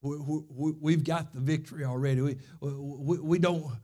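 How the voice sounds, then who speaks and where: A pastor preaching a sermon, telling stories and driving points home with repeated phrases. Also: male voice, on the high side, fairly even intonation, moderate pace, warm tone.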